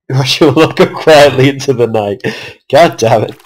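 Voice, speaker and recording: A man's voice: mid-range voice, poor audio. A young man giving casual commentary on his own strategy game match, swearing often and venting at his opponent.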